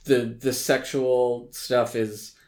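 A man's voice: mid-range voice, level tone, takes it slowly, a little mellow. A man hosting a podcast, casually recapping a film in a rambling way, full of likes and ums, with occasional swearing. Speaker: podcast host.

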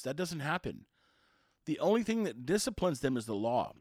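A man's voice: fairly high pitch, animated, brisk, dry recording, clean studio sound. A man who works as a dog trainer, giving an emphatic, opinionated monologue and acting out quotes in raised voices.

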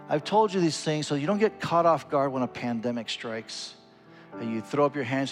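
A man's voice: moderate pace, soft background music. A male pastor preaching a sermon in an earnest way, voice rising and falling widely. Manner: earnest preaching with wide swings in pitch and loudness.

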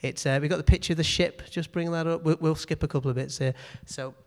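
A man's voice: fairly high pitch, fairly even intonation, fast talker, darkish tone. A man giving an informal sermon in a church meeting room, earnest and repetitive, often checking in with "okay". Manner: earnest, repeats phrases, frequent "okay". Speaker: preacher.

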